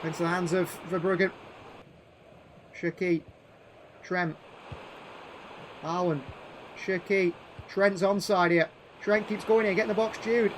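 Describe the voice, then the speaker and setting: Excitable man calling a football video game. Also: high-pitched, unhurried, long pauses, a little hiss or hum. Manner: calls play-by-play in bursts, shouting at chances. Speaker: gaming YouTuber doing live commentary.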